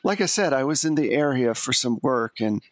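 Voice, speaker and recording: A man voicing a charming male rogue who speaks in a teasing, smooth manner. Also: medium pitch, animated, moderate pace, no echo, natural voice.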